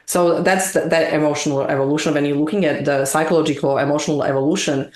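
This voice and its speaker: A woman's voice: sits low, fairly even intonation, fast, a little mellow. Earnest woman guest in an echoey room. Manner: earnest, explains in long winding stretches. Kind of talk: reflective interview talk.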